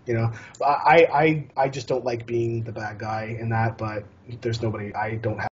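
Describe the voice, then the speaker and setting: A man's voice: medium pitch, level tone, moderate pace, slight background noise. A man guest on a casual gaming podcast, talking in a rambling way with many restarts and fillers. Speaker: guest, challenge curator. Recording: dull lo-fi podcast audio.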